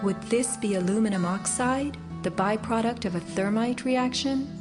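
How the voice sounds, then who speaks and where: A woman reads documentary narration in a measured, serious voice. Loud music plays underneath her throughout. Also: on the high side. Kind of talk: scripted narration.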